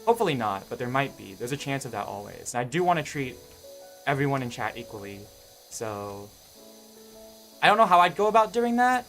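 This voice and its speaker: A young man talks casually to his live-stream audience, hesitating and restarting his sentences often. His voice sits at an ordinary middle pitch. Faint music plays underneath. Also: sing-song, brisk, fairly bright tone. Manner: rambling, hesitant, many fillers and restarts.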